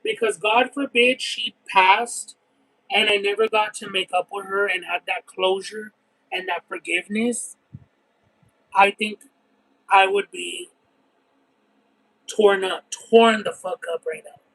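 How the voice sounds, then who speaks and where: Slow and high-voiced, with vocal fry and long pauses, this man hosts a casual livestream where he eats and reads chat. The audio is poor, and his storytelling is expressive, rambling, and packed with detail.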